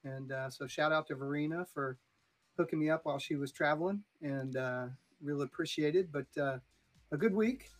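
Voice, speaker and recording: A man's voice: a little high, normal speed, soft background music. A man co-hosting a faith talk show, chatting casually in an upbeat, reassuring way. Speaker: podcast co-host. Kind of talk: casual chat.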